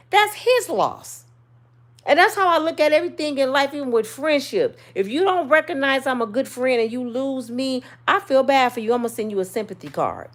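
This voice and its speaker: A middle-aged woman, telling viewers a personal story in a casual, sassy, animated way. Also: a little high. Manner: animated, sassy, swings between loud and soft. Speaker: channel host.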